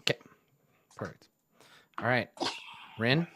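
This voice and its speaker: A man narrating as game master in an online tabletop game, relaxed and chuckling, with plenty of uhs and ums. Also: mid-range voice, slow pace. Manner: relaxed, laughing, many fillers.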